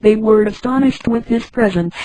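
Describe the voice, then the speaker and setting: A woman narrating a science-fiction story in a flat, synthetic reading that speaks punctuation aloud. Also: a little high, normal speed, no room sound, poor audio.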